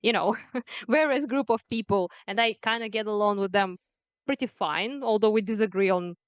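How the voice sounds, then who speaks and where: A young woman from Ukraine talks in a loose, casual way, piling up fillers and small laughs. Her voice is smooth and clear, at a middle pitch. The sound is dry and close. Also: normal speed, no room sound, muffled recording. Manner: chatty, laughs often, many fillers. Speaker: guest. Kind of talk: casual conversation.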